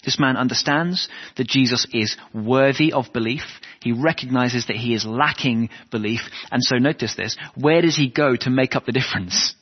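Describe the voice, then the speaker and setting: Male preacher, husky voice, earnest sermon, rhetorical questions, long hall reverb. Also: mid-range voice, moderate pace, hardly any pauses, highs cut off.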